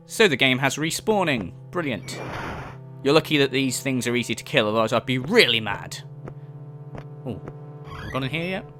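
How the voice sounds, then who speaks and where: A young man riffs through a let's-play with a bright, forceful voice, cracking sarcastic jokes and swearing freely. Soft guitar music sits low behind him, and his pitch stays in an everyday middle range. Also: lively intonation, normal speed, long pauses. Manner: jokey, sarcastic, swears casually. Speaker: gaming YouTuber.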